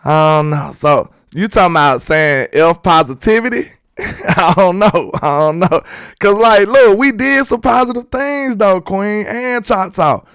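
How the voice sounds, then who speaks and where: A man's voice: high voice, measured pace, fairly bright tone, clean tone, no room sound, studio quality. Joking Southern man on sports talk. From Alabama, US. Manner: loose, joking, conversational, slangy. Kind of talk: live sports talk reading viewer chat.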